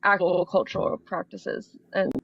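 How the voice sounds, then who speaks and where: A woman on a live show who talks in an animated way, filling her speech with "like". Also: on the low side, a little slow, gravelly, husky. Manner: animated, heavy use of "like" fillers. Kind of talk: heated live stream chat. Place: home in Hawaii. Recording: dull lo-fi stream audio, faint music.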